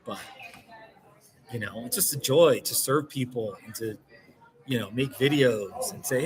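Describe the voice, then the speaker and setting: A man's voice: medium pitch, unhurried, pauses often, a crowd in the background, low-quality recording. A man talking to the camera in a casual vlog, rambling and self-mocking and laughing often, outdoors in a small mountain town. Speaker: vlogger.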